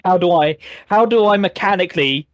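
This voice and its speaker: A man playing in a tabletop game, talking casually, swearing freely, and stumbling over restarts before launching into animated rants. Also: sits high, fairly quick, no echo. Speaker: player.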